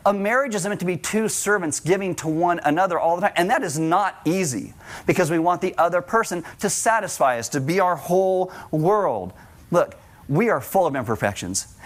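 A middle-aged man preaching a sermon to a congregation, conversational, with joking asides. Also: a little high. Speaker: pastor.

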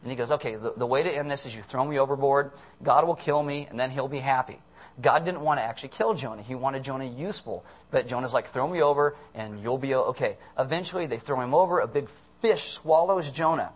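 A man's voice: medium pitch, fast. A man preaching a casual, joking sermon, often acting out quotes in the voices of the people in the story. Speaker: pastor.

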